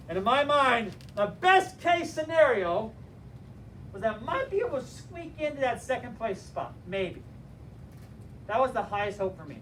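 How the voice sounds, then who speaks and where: High-voiced male teacher telling a story. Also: normal speed, recorded from a distance, slight background noise. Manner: animated, rhythmic storytelling with acted dialogue. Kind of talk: storytelling lesson to students.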